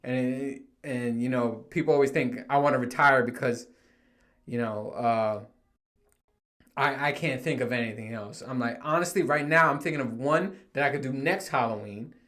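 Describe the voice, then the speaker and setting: A man's voice: mid-range voice, normal speed, a bit bright. A young man hosting his own podcast, chatting casually with plenty of swearing and frequent laughter. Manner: laid-back and profane, laughs often, quotes coworkers in mock voices. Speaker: podcast host. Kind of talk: casual solo podcast monologue.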